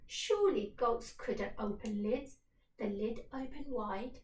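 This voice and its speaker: Woman teacher, storybook read-aloud, very slow and clear, expressive, echoey room, distant from the mic. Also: a little high.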